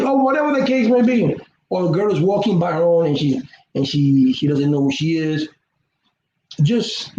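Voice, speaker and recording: Speaking on the high side with a dark tone, a middle-aged man vlogs casually as a YouTuber, rambling and frequently repeating words in an earnest, preachy way. Faint noise sits under the roomy, dull lo-fi recording.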